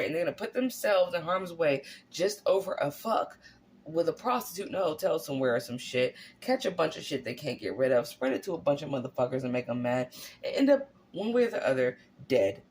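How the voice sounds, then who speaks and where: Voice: mid-range voice, slight background noise. A vlogger talking in a blunt, profane casual monologue, full of rhetorical questions and "right?" tags. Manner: animated, often tagging lines with "right?" and "okay?". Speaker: vlogger on narcissistic abuse.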